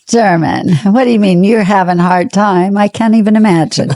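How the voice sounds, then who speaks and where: A woman interviewing a church member in casual chat, affirming him warmly and playfully and laughing often. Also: mid-range voice, normal speed, no room sound. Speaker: church interviewer, pastor's wife.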